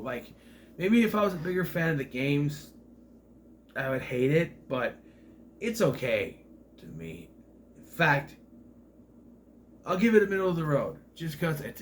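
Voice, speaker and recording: A man's voice: fairly high pitch, slight background noise. A man talking through a movie review in a casual vlog, rambling, sarcastic and exasperated.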